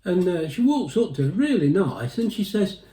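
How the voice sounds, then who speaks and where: A man's voice: sits high, very animated, normal speed, mellow. A man, a vlogger chatting and telling jokes, laughing and rambling as he goes. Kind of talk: casual chat and joke telling. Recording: echoey room.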